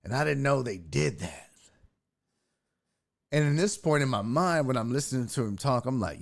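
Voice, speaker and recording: A man's voice: mid-range voice, very animated, moderate pace, creaky. A man hosting a sports podcast, telling a loose, profane road story. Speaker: sports podcast host and comedian. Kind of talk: casual storytelling.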